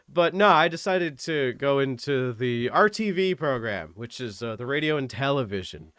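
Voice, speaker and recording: A man's voice: mid-range voice, expressive, normal speed, fairly bright tone, clear, resonant tone, dry recording, clean studio sound. Rambling young man from eastern Canada. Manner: rambling, self-deprecating, many fillers. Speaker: streamer. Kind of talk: casual chat on a stream call. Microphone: desk microphone.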